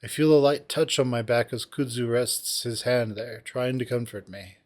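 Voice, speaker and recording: A man's voice: medium pitch, moderate pace, darkish tone. A man hosting a stream, reading game narration aloud and bantering playfully, laughing often. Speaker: streamer and host.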